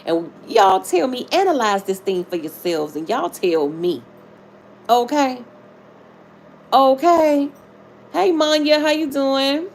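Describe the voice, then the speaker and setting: A chatty woman hosting a live stream, talking straight to her viewers in a loose, animated way. She tells a true-crime story and curses freely as she goes. There is a faint hum of noise behind her voice. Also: high voice, takes it slowly, creaky, pauses often.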